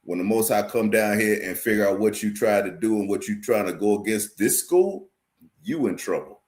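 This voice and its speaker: A man preaching to his online viewers, forcefully repeating phrases, quoting scripture and checking "you understand?". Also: fairly low pitch, a little fast. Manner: addresses viewers directly, asks "you understand?". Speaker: street preacher teaching a class. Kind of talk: livestream sermon.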